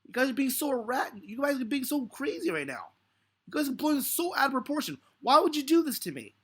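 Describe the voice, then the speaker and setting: A man's voice: extremely high pitch, very animated, quick pace. Angry, swearing man ranting on a stream. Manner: angry, defensive, swearing heavily. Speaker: livestreaming stock market analyst. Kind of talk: live stream rant at viewers.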